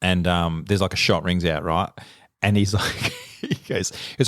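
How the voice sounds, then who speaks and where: A relaxed Australian bloke of about forty, talking loosely on a podcast and chuckling through his anecdotes. His voice sits low. The sound is close and dry, with no room around it. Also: normal speed, no echo. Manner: laid-back, laughs through his anecdotes. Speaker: podcast co-host. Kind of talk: casual chat, storytelling.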